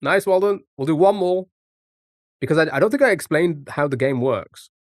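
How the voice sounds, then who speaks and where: A man's voice: a little high, expressive, moderate pace, no echo, clean studio sound. A man streaming live, chatting casually with his chat and swearing now and then while playing a word game. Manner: chatty, jokey, talks back to chat.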